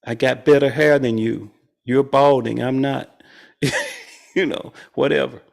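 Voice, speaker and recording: A man's voice: mid-range voice, measured pace, gravelly. A man leading a spiritual study group, teaching in a conversational way and chuckling often. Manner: chuckles often, animated and playful.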